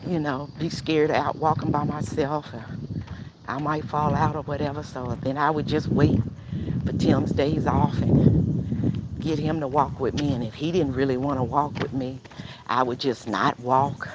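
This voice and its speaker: Her voice low-pitched, steady, and unhurried, an older woman chats casually with viewers as she live-streams a walk around her neighborhood. Breathless, she sighs and breathes heavily between remarks, with outdoor noise behind.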